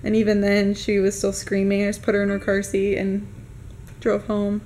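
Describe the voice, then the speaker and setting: A young woman narrating a casual family vlog to camera, chatty and candid with quick run-on asides. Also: medium pitch, completely flat delivery, darkish tone, a little hiss or hum. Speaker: family vlogger.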